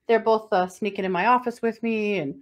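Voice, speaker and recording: A woman's voice: medium pitch, steady tone, fairly quick. Chatty middle-aged woman podcast co-host. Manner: chatty, rambling with fillers and restarts, laughs easily. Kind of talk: casual podcast chat and case telling.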